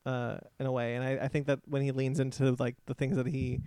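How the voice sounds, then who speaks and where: Hesitant young podcast host, smooth and close-miked. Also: male voice, medium pitch, flat delivery, brisk, dark tone, no room sound. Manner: hesitant, lots of ums. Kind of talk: casual chat.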